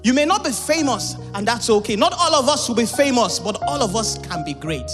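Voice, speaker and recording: Male spoken-word artist, very lively melodic line, over loud guitar. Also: very high-pitched, a little fast. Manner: rhythmic, half-sung delivery.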